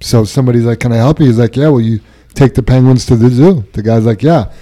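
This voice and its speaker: A man's voice: medium pitch, fast talker, warm tone. A man hosting a casual group chat, telling funny anecdotes and jokes and laughing along. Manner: jokey storyteller, laughs easily. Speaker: host.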